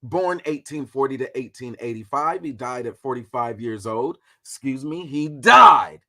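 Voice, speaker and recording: A man hosting a casual livestream, talking through history in a slangy, profane, animated way. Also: medium pitch. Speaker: host.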